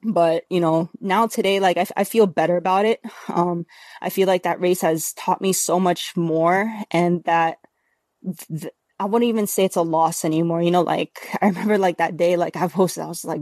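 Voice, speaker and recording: A woman's voice: lowish voice, fairly even intonation, normal speed, a little mellow, no echo, studio quality. A woman talking earnestly as a podcast guest, rambling with many fillers. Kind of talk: casual interview talk.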